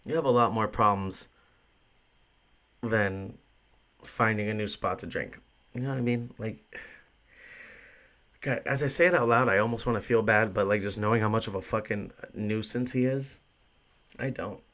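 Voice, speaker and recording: A man's voice: on the low side, steady tone, moderate pace, long pauses, a bit bright. A young man, a bartender hosting his own podcast, telling a story in a casual, ranting way, swearing often and filling in with "like" and "you know". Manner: profane, ranting, frequent fillers.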